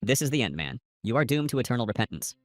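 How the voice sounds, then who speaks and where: A man's voice: medium pitch, sing-song, fast, dry recording, studio quality, lightly acted. A man doing a stern ruler of time. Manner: stern, lecturing.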